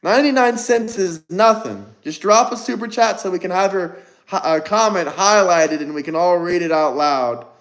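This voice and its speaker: High-voiced, combative male livestreamer. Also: moderate pace, a bit bright, rough recording. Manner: combative, mocking replies to chat. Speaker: livestream host. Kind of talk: casual livestream chat.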